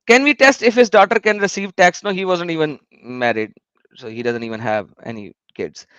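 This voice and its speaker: A man's voice: a little high, brisk, pushed and bright, clean tone, no room sound, dull audio. A man hosting a live debate stream, blunt, mocking and combative.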